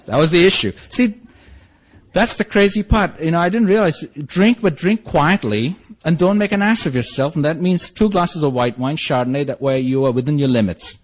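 Speaking at normal speed in a slightly high voice, a man recounts his own story at a support meeting. He mocks himself wryly and acts out what the people in it said.

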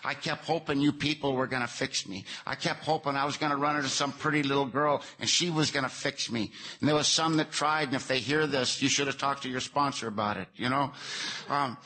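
A man's voice: mid-range voice, pushed and bright, a little hiss or hum. A man giving a personal recovery testimony, earnest and plainspoken with folksy phrasing. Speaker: speaker sharing his recovery story.

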